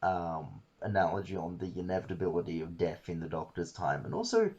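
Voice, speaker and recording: A man with a low, husky voice hosts a casual podcast chat. He retells stories at length, rambling with frequent fillers and the occasional swear word. The tone is loose and conversational. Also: lively intonation, a little fast, a little mellow, lo-fi sound. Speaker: podcast host.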